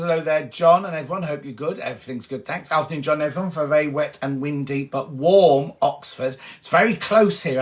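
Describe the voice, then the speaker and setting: A man's voice: fairly high pitch, a bit bright. A British man hosting a sewing livestream, reading viewers' comments aloud with cheeky, chatty asides. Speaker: host of a sewing show.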